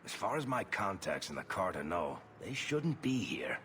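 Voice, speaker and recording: A man's voice: low-pitched, very animated, normal speed, fairly bright tone, a little hiss or hum. An actor playing a wry male dwarf storyteller in a fantasy game, dry and offhand.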